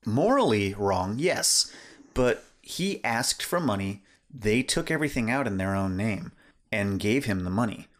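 Brief: male co-host, casual chat, agreeable sidekick, pitch swinging up and down. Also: expressive, a little slow, a bit bright. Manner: agreeable, chimes in with short affirmations. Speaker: podcast co-host. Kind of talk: casual chat reviewing a documentary.

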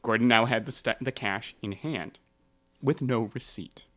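A man's voice: mid-range voice, measured pace, fairly bright tone. A man hosting a casual podcast, telling a history story with jokes and asides.

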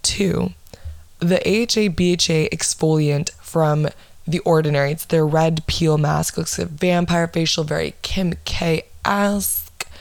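A woman's voice: deep voice, fairly even intonation, moderate pace, creaky, darkish tone, no echo. A young woman podcast host ranting and telling stories in a casual, blunt way, with lots of swearing and dramatic asides. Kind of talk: casual profane storytelling rant.

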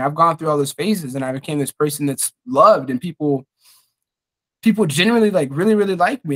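A young man talks openly on a casual podcast, earnest and heartfelt, with plenty of swearing. His voice sits fairly high for a man. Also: fairly bright tone. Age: young adult. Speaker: podcast host.

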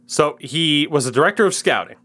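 A man's voice: on the high side, lively intonation, brisk, bright, forceful tone. A man in his twenties, co-hosting a casual sports chat and giving opinionated takes. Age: 20s. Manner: opinionated, ranting, swearing. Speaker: podcast co-host.

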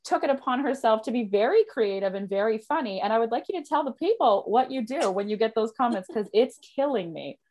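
A woman's voice: on the high side, lively intonation, fairly quick, few pauses, a little mellow. A woman hosting a podcast in casual chat, bubbly, who says "like" a lot and swears casually. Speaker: podcast host.

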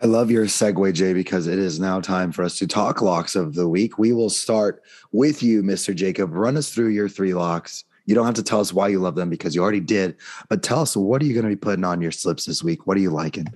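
A man hosting a casual sports betting chat, upbeat and leading the segments, his voice going hoarse. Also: sits low, brisk, a little mellow. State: losing his voice. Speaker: podcast host.

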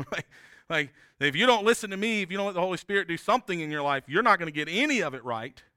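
Bright, earnest male pastor preaching. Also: high-pitched, lively intonation, fast, clean tone, no room sound, studio quality. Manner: conversational, earnest, with frequent restarts and tag questions. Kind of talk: sermon.

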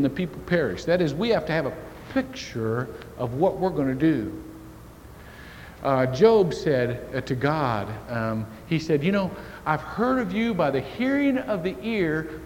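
A man preaching a sermon as pastor, telling a folksy story to make his point. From Indiana. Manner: folksy storytelling with lively shifts in pitch. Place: church sanctuary. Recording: church hall reverb, faint hiss.

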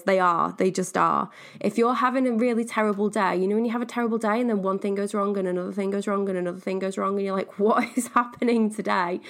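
Chatty, laughing woman podcast host. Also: medium pitch. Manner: chatty and animated, laughing often, going off on tangents. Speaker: business coach and podcast host. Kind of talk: casual solo podcast talk.

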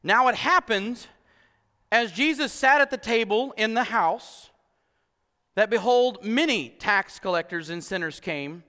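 A man preaching a sermon as pastor, animated and exclaiming often to his congregation. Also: high-pitched, a little slow. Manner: animated, exclaiming "huh?" and "come on". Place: church hall. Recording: long hall reverb.

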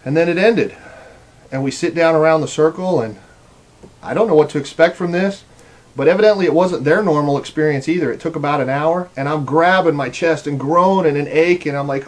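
A man tells his religious testimony in an earnest, rambling way. His voice sits a little higher than most men's. He often doubles back and repeats words as he talks. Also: fairly quick. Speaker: speaker giving a religious testimony. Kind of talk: personal testimony.

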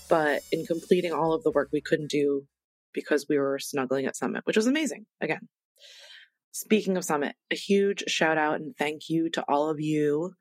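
A woman's voice: low-pitched, no room sound. A woman hosting her own podcast, talking casually and chattily in a self-deprecating, rambling way. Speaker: podcast host. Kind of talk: casual solo podcast intro.

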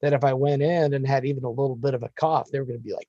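A man's voice: medium pitch, steady tone, racing, dark tone, no room sound, lo-fi sound. A young man co-hosting a podcast, chatting casually and teasing his partner. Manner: joking and teasing. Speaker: podcast co-host. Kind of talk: casual chat.

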